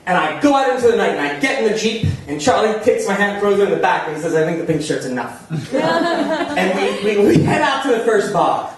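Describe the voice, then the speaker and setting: High-pitched man, self-mocking live storyteller, echoey theater, distant mic. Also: big pitch swings, a little fast. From New Jersey. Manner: chatty, self-mocking, laughing through the story. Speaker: storyteller on stage. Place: small theater stage before an audience. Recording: echoey room, voice from far off.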